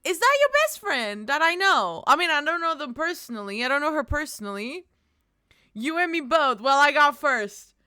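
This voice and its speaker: Bubbly, high-voiced woman streamer. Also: sing-song, moderate pace, sharp tone, dry recording, clean studio sound. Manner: bubbly and giggly, high squeals greeting chat, cursing. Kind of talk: casual livestream chat with viewers.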